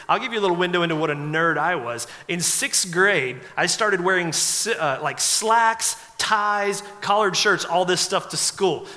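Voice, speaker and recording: A man's voice: sits high, bright, forceful tone. A man in his forties, a pastor preaching a sermon in a conversational, humorous storytelling way. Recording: long reverb of a church hall.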